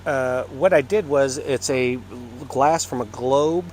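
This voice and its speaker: A man's voice: medium pitch, slow, crowd noise. Rambling man commentating outdoors. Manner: rambling, filler-heavy, chatty. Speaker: livestream commentator. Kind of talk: casual live commentary. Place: outdoors at a golf course at night.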